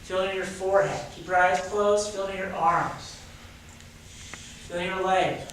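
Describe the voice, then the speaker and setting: Speaking at a normal pace, a man whose voice sits high and sounds fairly bright leads students through a drama exercise, full of energy and fillers. The setting is a hardwood-floored school drama room; the audio is very echoey and distant, with a little hiss or hum.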